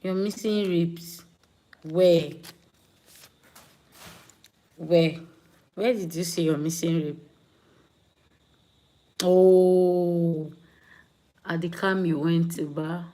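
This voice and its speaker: A woman's voice: on the low side, steady tone, takes it slowly, long pauses, dark tone. A woman hosting a casual livestream, chatting with viewers and greeting them by name. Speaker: livestream host.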